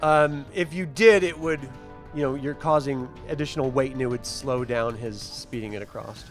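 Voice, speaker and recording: A man's voice: medium pitch, moderate pace, faint music behind. A man running a tabletop game as game master, explaining rules patiently and laughing easily.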